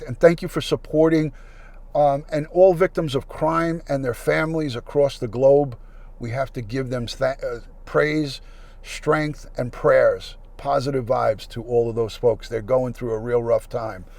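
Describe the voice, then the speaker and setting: A man's voice: a little high, gravelly, darkish tone, no room sound. A man hosting a casual livestream, chatting and thanking viewers by name into a plug-in mic. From United States. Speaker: livestream host.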